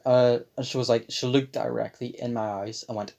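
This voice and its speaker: A man's voice: mid-range voice, steady tone, brisk, vocal fry, a little mellow. A young man in his late teens telling a crude childhood story on a podcast, rambling and swearing, his voice sometimes cracking. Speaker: podcast co-host. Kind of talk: casual storytelling chat.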